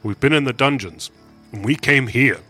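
A man's voice: medium pitch, moderate pace, bright, forceful tone, slightly rough, faint music behind. A man voicing a polite, earnest adventurer, pleading and persuading.

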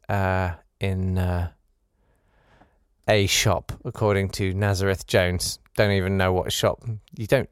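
A man hosts a casual podcast, working through listener tweets and emails. His delivery is lively and swoops up and down, full of dry, sarcastic asides. The sound is close and dry, with no room around it. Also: fairly low pitch, no room sound. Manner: wry, sarcastic asides with mock exasperation. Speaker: podcast host. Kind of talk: casual chat reading listener messages.

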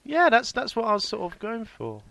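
A man's voice: extremely high pitch, wildly swooping pitch, a little fast, creaky, bright, forceful tone, no echo. A man from England co-hosting a podcast over a video call, joking and giggling, often trailing off mid-sentence. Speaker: podcast co-host. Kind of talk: casual chat.

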